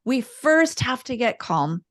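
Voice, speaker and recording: A woman speaking as a podcast guest, explaining parenting steps calmly and often repeating words as she thinks. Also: on the high side, slow pace, no echo, studio quality. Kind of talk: casual interview talk.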